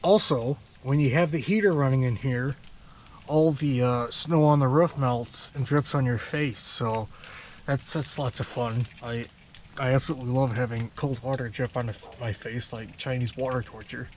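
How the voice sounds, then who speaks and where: A man narrating his own truck repairs in a relaxed, rambling way with many fillers. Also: medium pitch, moderate pace, a little hiss or hum. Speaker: DIY truck repair vlogger. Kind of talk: casual workshop narration.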